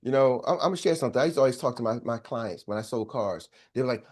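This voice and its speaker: A man's voice: medium pitch, lively intonation, very fast, darkish tone. A middle-aged man, a sales coach giving a motivational talk, telling stories in a preachy way and calling out to his audience. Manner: preachy, storytelling, calls out to the audience. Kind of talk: motivational speech.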